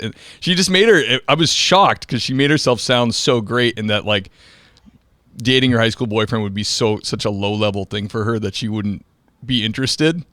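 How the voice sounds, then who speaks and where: A man's voice: on the low side, no room sound. A middle-aged man hosting a police podcast, chatting casually with lots of fillers as he asks questions. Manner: relaxed, chatty, many fillers. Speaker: podcast host, police officer. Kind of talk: casual interview chat.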